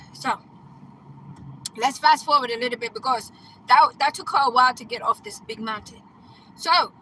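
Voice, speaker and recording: A woman with a bright, forceful voice tells a film plot casually, bursting into loud exclamations and laughter. She talks in a chatty way, often checking in with "right?" and "okay?". There is faint noise behind her. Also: high-pitched, low-quality recording. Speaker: coach.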